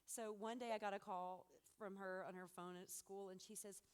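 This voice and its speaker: Woman, middle-aged, casual storytelling, animated, laughs often, quotes people vividly. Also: medium pitch, normal speed, smooth. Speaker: host mother telling family story.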